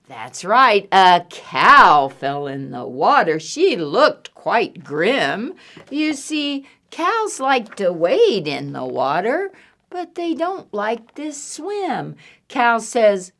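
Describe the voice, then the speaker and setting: A woman's voice: mid-range voice, big pitch swings, takes it slowly, a bit bright. A woman librarian leading a children's storytime, reading in a sing-song way and making animal sounds.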